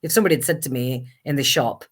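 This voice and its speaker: Animated middle-aged woman guest. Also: rumbling low, fast talker, breathy edge. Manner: animated and emphatic, acts out past conversations. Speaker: guest, actress and singer. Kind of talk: candid conversational storytelling.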